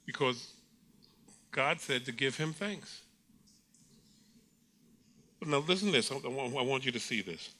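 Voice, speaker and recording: Middle-aged preacher guy, really bright voice, lively storytelling sermon w/ laughs. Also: medium pitch, a little slow, pauses often. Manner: animated storytelling preacher, acts out quotes, laughs often. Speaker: pastor.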